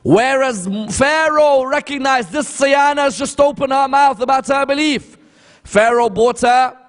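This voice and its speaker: A man's voice: very high voice, measured pace. A man giving a sermon lecture, telling a story and asking rhetorical questions that he then answers. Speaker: Islamic lecturer. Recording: long hall reverb.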